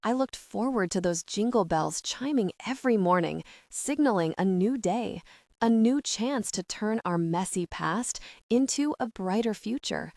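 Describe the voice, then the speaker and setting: A woman's voice: mid-range voice, lively intonation, measured pace, darkish tone, no room sound, studio quality. A woman reading a first-person romance audiobook with an intimate, emotional storytelling manner. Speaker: audiobook narrator.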